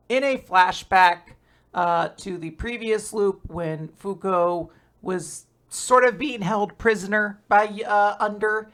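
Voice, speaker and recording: Woman podcast co-host, casual and jokey, slight vocal fry, mid pitch. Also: bright, forceful tone. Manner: jokey, laughs often, quick asides. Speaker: co-host of a manga recap podcast. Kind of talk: casual podcast chat and chapter recap.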